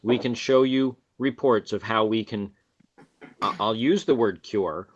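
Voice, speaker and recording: A man's voice: lowish voice, unhurried. Earnest man on a muffled call. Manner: earnest, explains at length with restarts. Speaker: panelist. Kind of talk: casual group discussion.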